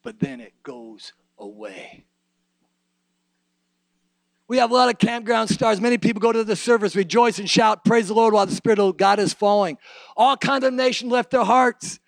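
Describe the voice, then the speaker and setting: Guy preaching a sermon, real high gravelly voice, goes from quiet to shouting, singsongy, dry sound. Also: lively intonation, normal speed, no room sound. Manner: swings from hushed low asides to shouted, sing-song preaching.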